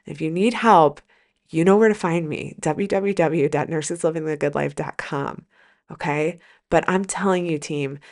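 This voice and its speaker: A middle-aged woman hosting her own podcast, giving an emphatic motivational monologue to listeners, swearing freely and repeating lines for emphasis. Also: lowish voice. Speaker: podcast host and coach.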